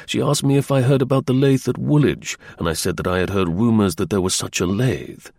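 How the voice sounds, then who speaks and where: A man doing a smug, husky spy. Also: fairly low pitch, fairly quick, a little mellow, no echo, clean studio sound. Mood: smug confiding. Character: suave, confident male German spy, smug and easy.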